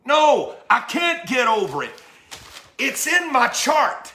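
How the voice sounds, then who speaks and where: A man's voice: very high-pitched, sing-song, takes it slowly, sharp tone. A man preaching an impassioned sermon as a bishop, fervent, stumbling over repeated words and firing rhetorical questions. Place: church. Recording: echoey church sanctuary.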